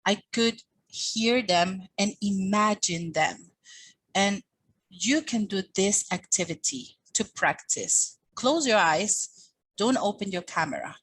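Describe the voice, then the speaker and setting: A woman giving a teacher training talk, speaking with lively, expressive intonation and acting out little quoted exchanges. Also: medium pitch, slow, breathy edge, low-quality recording. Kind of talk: teaching workshop presentation.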